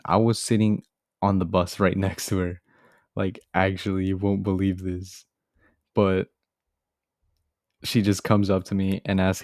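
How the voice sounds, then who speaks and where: A young man with a low, deep voice tells a childhood story in casual storytime fashion. He rambles, leans on fillers and sounds a bit sheepish, recorded close and dry with no room sound. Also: a little mellow, smooth, no echo. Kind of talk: casual animated storytime narration.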